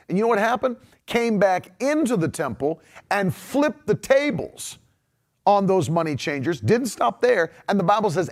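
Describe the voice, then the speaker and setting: Lively, emphatic male preacher. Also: high voice, moderate pace. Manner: emphatic, drawing out key words, laughing asides. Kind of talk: livestream sermon reading comments.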